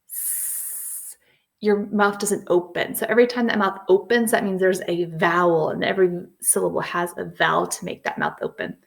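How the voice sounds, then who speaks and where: A woman teaching young children a phonics lesson, patient and encouraging, slowly sounding out letters and words. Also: medium pitch, gravelly. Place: at home with a whiteboard.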